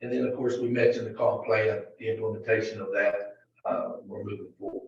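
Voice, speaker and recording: A man presenting a county budget to a board in a halting, filler-heavy way, recorded in a meeting room. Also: fairly low pitch, fairly even intonation, vocal fry. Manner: halting, many fillers and restarts. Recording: distant, very echoey, dull meeting-room audio.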